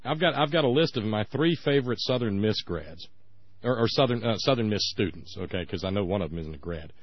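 A man's voice: on the low side, animated, a little fast, dry recording. A man co-hosting a radio show in casual chat, telling folksy anecdotes and repeating words as he thinks. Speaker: radio co-host. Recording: dull lo-fi radio audio.

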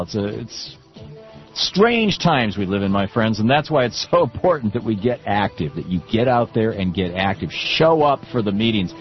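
A man's voice: on the low side, lo-fi sound. A middle-aged man hosting a talk radio show, lecturing in an indignant, sarcastic way.

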